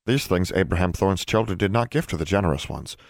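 A meek, scarred house elf, put on by a man who mumbles and quavers. His broken speech is soft and low. The sound is close and dry. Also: quick pace, vocal fry, dry recording.

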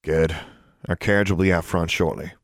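Man doing young older brother, weary, wry, dry manner, low deep voice, dry close sound. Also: steady tone, moderate pace, no room sound.

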